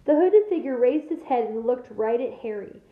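A woman teacher reading a novel aloud to her class with steady, expressive storytelling. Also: fairly high pitch, normal speed, roomy sound, phone-quality sound.

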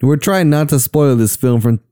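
A man's voice: mid-range voice, dark tone, clean tone, no echo, studio quality. A young man from the southern US chatting casually and joking while watching a film. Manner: joking, quick reactions. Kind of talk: casual movie watch-along chat.

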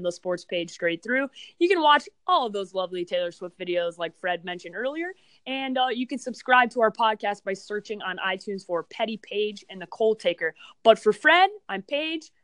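A woman's voice: medium pitch, a bit bright, dry recording, rough recording. A woman co-hosting a casual sports podcast, ranting in an emphatic, exasperated way. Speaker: podcast co-host.

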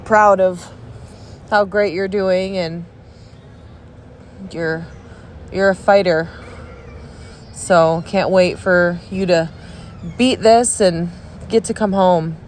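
A woman with a slightly low voice talks slowly into her phone, leaving a rambling, encouraging message for a friend. She sounds tired and stuffy, yawning between thoughts. A dog barks faintly in the background. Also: a little hiss or hum. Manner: rambling and encouraging, trails off and restarts. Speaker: friend sending a video message. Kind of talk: casual recorded message to a friend. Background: dog barking.

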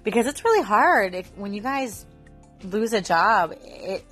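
A woman's voice: mid-range voice, animated, a little slow, a bit bright, soft background music. A woman in her thirties, a mother, telling a story in a casual, rambling vlog full of fillers. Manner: chatty, rambling, filler-heavy. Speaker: mother and Daisy troop leader.

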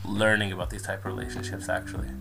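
A young man in casual chat, telling a story in an animated way and laughing often. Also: low voice, fast talker, music in the background.

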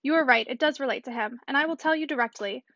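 A woman's voice: sits high, fast talker, creaky, pushed and bright, no room sound, highs cut off, full character voice. Woman reading a trembling, agitated lady. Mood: nervous. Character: gentle, agitated older lady friend.

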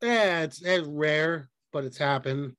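A man with a fairly high voice co-hosts a casual podcast chat, recorded dry and close on the mic. He swears freely and tells animated stories, acting out the people in them. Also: slow pace, no echo. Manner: profane, animated storytelling with acted quotes. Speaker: podcast co-host.

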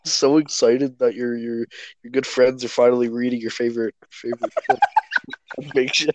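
A man's voice: mid-range voice, steady tone, moderate pace, darkish tone, no echo. A teenage boy chatting casually with friends, teasing them and laughing often. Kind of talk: casual chat among friends.

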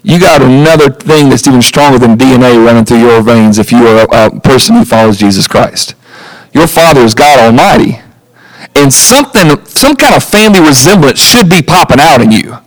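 A man preaching a sermon as pastor, animated, acting out quoted voices and chuckling at his own asides. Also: medium pitch, a little fast, rough recording.

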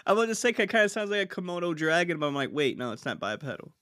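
A man's voice: fairly high pitch, very animated, very fast, a bit bright, dry recording, studio quality. A man co-hosting a casual podcast, laughing a lot and swearing freely in banter. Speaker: podcast co-host.

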